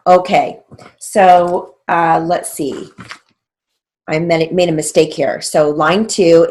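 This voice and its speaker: A woman's voice: sits low, steady tone, slow, a little mellow. A woman teaching stenography theory. She dictates practice phrases with their punctuation spoken aloud and spells out words letter by letter. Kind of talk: slow dictation of drills with explanations.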